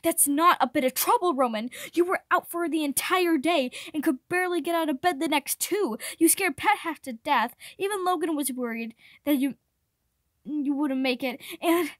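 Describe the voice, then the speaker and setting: A woman's voice: sits high, moderate pace, no echo, clean studio sound, voice pushed up, natural voice. A woman reading aloud and voicing an anxious, guarded young man who speaks with worry. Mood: upset. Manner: worried, guarded.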